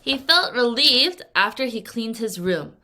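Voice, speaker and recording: A woman's voice: a little high, animated, a little slow, bright, forceful tone. A woman teaching English vocabulary to young students in a recorded lesson, acting out example sentences playfully and laughing often at her own acting.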